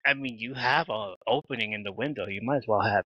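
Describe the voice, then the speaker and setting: A man's voice: lowish voice, fast, husky, no echo, lo-fi sound. A man co-hosting a casual podcast, recapping a TV episode with jokes, fillers and mock-dramatic asides. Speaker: podcast co-host.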